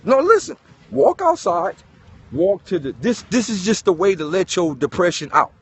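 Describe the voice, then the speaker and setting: A man giving an animated, preachy motivational talk, swearing and calling listeners dog. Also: sits high, moderate pace, husky. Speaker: host.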